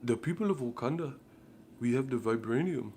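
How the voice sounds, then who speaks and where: A man's voice: medium pitch, animated, a little fast, warm tone, slight background noise, lightly acted. A man putting on a solemn movie warrior voice. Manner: formal, solemn, over-enunciated. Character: stiff, grandiose male warrior from a superhero film.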